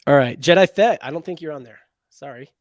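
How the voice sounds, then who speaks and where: A man's voice: on the high side, fairly quick, no room sound, studio quality. A man co-hosting a casual sports podcast, chatty and jokey, calling out viewers' names from the chat. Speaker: podcast co-host.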